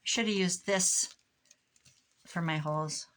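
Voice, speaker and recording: A woman's voice: lowish voice, slow, fairly bright tone. Chatty rambling middle-aged woman crafting. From Iowa, US. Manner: rambling, chatty, wanders off on tangents. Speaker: crafter vlogger. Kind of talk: casual chat while crafting. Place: home craft room.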